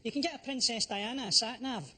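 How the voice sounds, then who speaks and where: Deadpan comedian. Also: male voice, very high-pitched, a little fast. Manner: deadpan, crude. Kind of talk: stand-up one-liners. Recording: loud audience noise behind.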